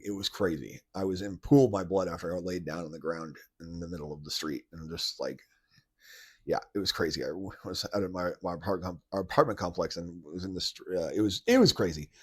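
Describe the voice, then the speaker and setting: Podcast host, male, lowish voice, rambling and blunt, casual monologue. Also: slightly rough. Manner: rambling, loose, many restarts and "like" fillers; blunt and mocking, with occasional swearing.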